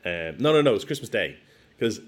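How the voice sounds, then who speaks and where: Male co-host from Ireland, very deep voice, halting, rambling storyteller. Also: big pitch swings, breathy edge. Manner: halting, repeats words, rambling anecdotes. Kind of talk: casual chat.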